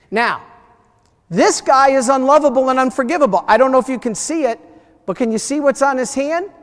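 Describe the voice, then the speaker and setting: Storytelling preacher man in a reverberant church. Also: extremely high pitch. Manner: storytelling preacher, repeats key phrases, acts out quoted voices. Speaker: priest giving a parish mission. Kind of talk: sermon.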